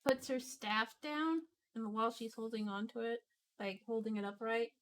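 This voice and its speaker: A woman taking part as a player, playful and relaxed. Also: on the high side, moderate pace. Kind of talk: casual tabletop play.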